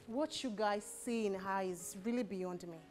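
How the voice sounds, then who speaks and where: An actress playing a bitter sister who scolds emphatically. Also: female voice, mid-range voice, unhurried, a little mellow, faint music behind, lightly acted. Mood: scolding. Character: bitter sister scolding her brother's woman.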